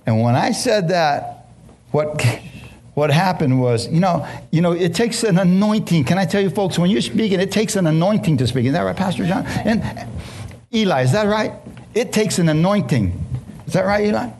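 A middle-aged man preaching a testimony to a congregation, impassioned and halting, with many restarts and questions thrown to the listeners. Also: a little high, lively intonation, darkish tone, slight background noise. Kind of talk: emotional sermon testimony.

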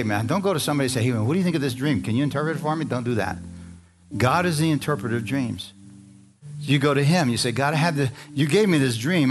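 A man preaching a sermon, telling a personal story in a conversational way and calling out to the congregation. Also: mid-range voice. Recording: music playing behind.

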